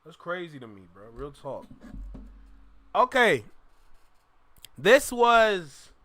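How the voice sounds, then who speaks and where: A man hosting a live reaction stream, his voice bright and slightly high. He comments on the clip and calls out to his chat in a dry, close sound. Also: sing-song, slow pace, dry recording. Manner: repeats stock phrases, talks straight to chat.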